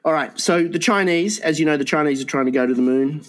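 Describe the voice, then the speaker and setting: A fairly high-voiced man co-hosting a crude comedy podcast. He is excitable, swears freely and keeps breaking into laughter. His pitch sits a bit above most men's. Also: fast talker. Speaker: podcast co-host.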